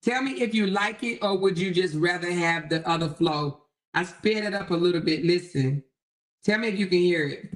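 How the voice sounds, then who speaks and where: A woman hosting a casual livestream, chatting, reading out viewer comments and laughing along. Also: fairly low pitch. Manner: chatty, laughing, drawn-out exclamations. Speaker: livestream host.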